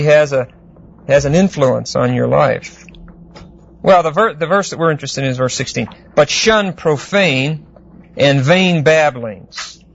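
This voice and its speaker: A man teaching a Bible exegesis class, unhurried and explanatory, often pausing to check that listeners follow. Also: a little high. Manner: unhurried, explanatory, with frequent fillers and check-ins. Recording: dull lo-fi lecture recording.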